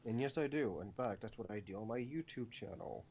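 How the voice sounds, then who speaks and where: A man's voice: mid-range voice, lively intonation, brisk, darkish tone. A man co-hosting a gaming podcast in casual chat, blunt and swearing freely. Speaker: podcast co-host. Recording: dull lo-fi mic with faint noise.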